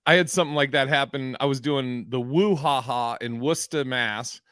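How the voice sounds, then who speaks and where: A man's voice: mid-range voice, normal speed, a bit bright, smooth, no room sound, clean studio sound. A man hosting a comedy podcast, telling stories in rambling, profane casual chat with many restarts.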